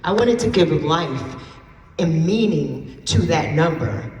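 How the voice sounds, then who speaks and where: A woman's voice: low-pitched, animated, slow pace, a little mellow, a little hiss or hum. A woman giving an emphatic personal testimony as a keynote speaker at an event, repeating phrases for effect. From New Jersey. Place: event hall. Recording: roomy hall from a distance.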